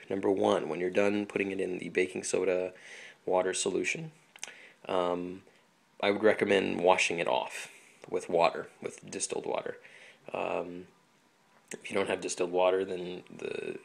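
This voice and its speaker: Gravelly low-voiced man giving a tutorial. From Hawaii. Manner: relaxed, chatty, many ums and small laughs. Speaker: flutist teaching instrument care. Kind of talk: casual home tutorial. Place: home apartment.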